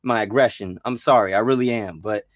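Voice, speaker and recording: A man's voice: fairly low pitch, a little fast, dry recording. Rambling, profane man ranting into a dry mic. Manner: rambling, profane, agitated, with restarts. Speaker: vlogger. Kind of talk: rambling conspiracy rant.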